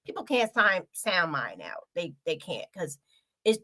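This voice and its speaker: Woman, talk show host, chatty, rambling, very animated, dry. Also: on the low side, measured pace, no echo. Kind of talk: casual interview chat.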